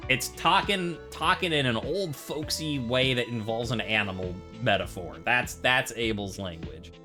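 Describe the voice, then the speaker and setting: A man's voice: mid-range voice, measured pace. A man doing playful, joking let's-play commentary, bantering with game characters. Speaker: gameplay commentator. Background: faint game music.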